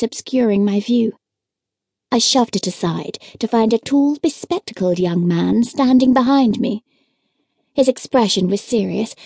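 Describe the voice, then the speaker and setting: A woman narrating a historical novel in first person, with a lively storytelling manner at a close microphone. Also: fairly high pitch, creaky, breathy edge, no room sound. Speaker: audiobook narrator.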